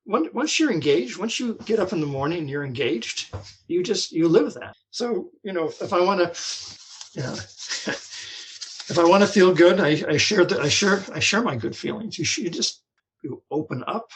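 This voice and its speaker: An older man from New Jersey telling his story as a guest, halting and repeating words as he talks. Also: high voice, expressive, a little hiss or hum, poor audio. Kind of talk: personal recovery story.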